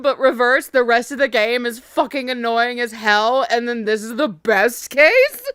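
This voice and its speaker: A woman hosting a let's play, chatting casually and excitably, giggling and swearing as she reads. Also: fairly high pitch, normal speed, smooth, dry recording, faint music behind. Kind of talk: casual game commentary.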